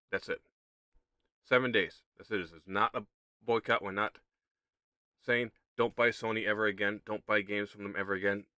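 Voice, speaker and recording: Bright-voiced man streaming gaming commentary. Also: fairly low pitch, no echo. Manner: conversational, repeats points for emphasis. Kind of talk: casual livestream commentary.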